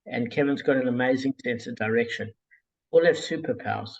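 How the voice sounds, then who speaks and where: A man leading a casual group study over a call, talking in a relaxed, digressive way with many fillers and a gravelly, husky voice. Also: mid-range voice, brisk, muffled recording. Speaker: Talmud study group leader.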